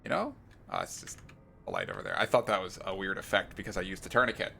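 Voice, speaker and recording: A male streamer chats over his game with a playful, joking manner. His voice has a gravelly edge and a bright, sharp tone. His pitch swings widely as he talks. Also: huge pitch swings, quick pace, faint music behind. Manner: playful, jokey asides. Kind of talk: let's play commentary.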